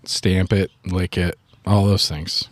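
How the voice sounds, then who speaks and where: A man's voice: deep voice, little pitch movement, slow, dry recording. A man co-hosting a movie podcast, blunt, slangy and sarcastic. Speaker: podcast co-host. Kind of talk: casual group chat.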